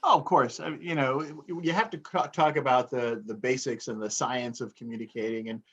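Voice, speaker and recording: A man's voice: mid-range voice, fairly quick, a bit bright, dull audio. A man who is a motivational speaker, chatting in an interview and acting out tones of voice to explain a point. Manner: demonstrates tone by acting out phrases. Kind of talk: casual interview chat.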